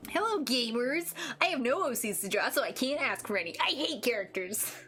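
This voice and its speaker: A woman's voice: on the high side, animated, a little fast, a bit bright, voice pushed up. A woman doing a mocking impression of a blunt, sulky young adult who hates characters.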